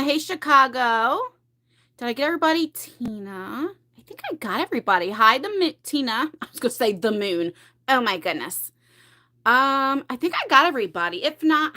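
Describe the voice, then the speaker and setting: Chatty and rambling, a woman in pajamas hosts a casual beauty livestream at home, decluttering her makeup while laughing often. Her voice sits high, bright and forceful in tone, and she's a little breathless from carrying heavy boxes.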